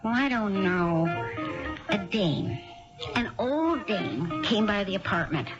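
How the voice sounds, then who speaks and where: A woman's voice: medium pitch, expressive, takes it slowly. A brassy streetwise ex-showgirl. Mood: suspicious. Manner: brash, blunt, tough-talking. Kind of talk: 1970s-80s radio drama acting. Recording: dull lo-fi radio broadcast with music.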